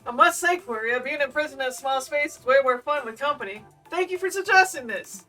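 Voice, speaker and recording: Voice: high-pitched, animated, brisk, pushed and bright, voice pushed up. A voice doing a brash, crude monster woman. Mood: flirty. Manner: bragging and crude. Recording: distant mic with game music.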